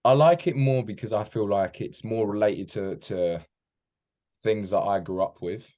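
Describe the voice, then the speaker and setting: A man's voice: lowish voice, measured pace, mellow. A man from England with a British accent, a chatty podcast guest on a video call who keeps saying mate. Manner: chatty, says "mate" often. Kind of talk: casual podcast chat.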